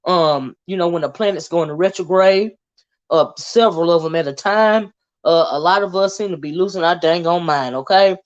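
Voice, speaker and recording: A woman's voice: fairly low pitch, moderate pace. A woman hosting a casual livestream and greeting her viewers by name in a folksy, chatty way. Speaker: livestream host. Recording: dull lo-fi stream audio.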